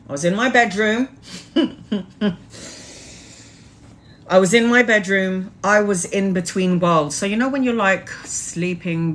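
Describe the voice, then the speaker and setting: A woman's voice: medium pitch, a bit bright. A woman tarot reader telling a spiritual story on a casual live stream, earnest and blunt, with a loose, rambling delivery and the odd swear.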